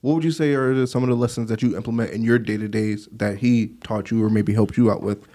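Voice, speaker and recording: A man's voice: on the low side, fairly even intonation, fast, dark tone. A man hosting a podcast, asking a guest questions in a casual interview. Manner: brief reactions and follow-up questions. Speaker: podcast host.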